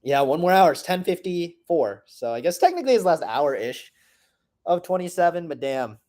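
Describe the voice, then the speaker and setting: A young man in his late twenties talks loosely to the camera about his past year, his voice sitting a little high. He rambles, swears freely and trails off mid-thought, excitable one moment and wistful the next. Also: moderate pace. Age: 20s. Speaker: vlogger. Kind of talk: casual personal reflection.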